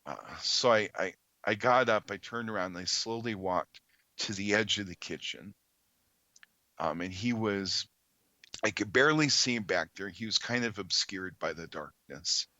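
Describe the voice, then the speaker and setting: A man, a podcast guest, earnestly telling a story in conversation, halting with many ums and restarts. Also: lowish voice, sharp tone, no echo, highs cut off.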